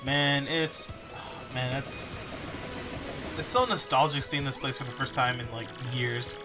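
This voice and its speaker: A man's voice: mid-range voice, steady tone, unhurried. A young man hosting a casual let's play, goofy and self-mocking, with game music behind. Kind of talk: casual gameplay commentary.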